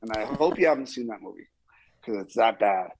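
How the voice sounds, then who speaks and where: A man's voice: on the low side, fairly quick, a crowd in the background. A man, a stuntman guest, telling stories in an interview and acting out the lines people said. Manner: animated, acts out quoted lines. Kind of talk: storytelling interview.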